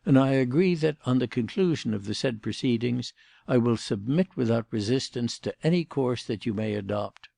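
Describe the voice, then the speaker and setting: Casting: man reading an icy, formal gentleman, gravelly and dark, speaking with detached precision. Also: mid-range voice, animated, moderate pace, no room sound, clean studio sound. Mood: cold. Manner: passionless and formal. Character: cold, commanding male suspect.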